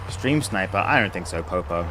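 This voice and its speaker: A man's voice: sits low, expressive, normal speed. A young man giving casual, wry, rambling commentary while streaming a game. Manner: wry, rambling, self-amused. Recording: game sounds and noise behind.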